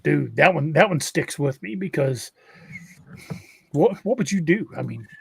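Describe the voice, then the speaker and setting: A man's voice: a little high, animated, measured pace, gravelly, breathy edge, no echo, clean studio sound. A man hosting a podcast, telling stories in a casual, rambling way with many restarts. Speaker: podcast host.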